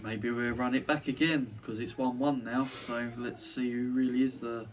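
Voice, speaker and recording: A man's voice: mid-range voice, level tone, normal speed. Sweary man hosting from a distance. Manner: sweary, boisterous and joking. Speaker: podcast host. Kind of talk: casual banter. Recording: distant mic with faint noise.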